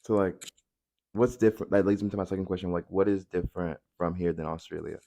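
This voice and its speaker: A young man hosting a casual podcast chat, loud and outgoing, with many filler likes. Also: deep voice, fairly even intonation, fast talker, creaky. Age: young adult. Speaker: podcast host.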